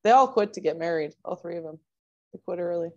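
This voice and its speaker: Low-voiced young woman from Minnesota. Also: lively intonation, fast, warm tone. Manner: storytelling, detailed. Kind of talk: casual chat. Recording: dull lo-fi sound.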